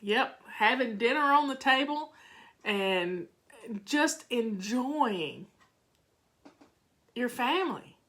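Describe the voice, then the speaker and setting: An older home-organizing vlogger chats folksily with her viewers during a casual live session, responding to their comments. She speaks slowly and pauses often, with a fairly high, animated voice that's a bit bright.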